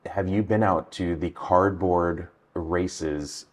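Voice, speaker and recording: A man's voice: deep voice, steady tone, slow pace. A man behind the camera chatting casually and chiming in with friendly short remarks. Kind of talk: casual chat.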